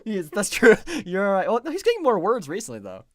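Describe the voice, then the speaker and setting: Game master, casual chat, giggly, stumbling restarts, lively pitch. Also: fast talker, dry recording, studio quality.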